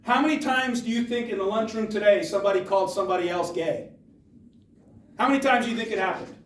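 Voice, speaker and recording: A man's voice: sits high, fast talker, a bit bright, a little hiss or hum. Emphatic man speaking to students. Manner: emphatic, rhetorical questions to the audience. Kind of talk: motivational talk. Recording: echoey room from far off.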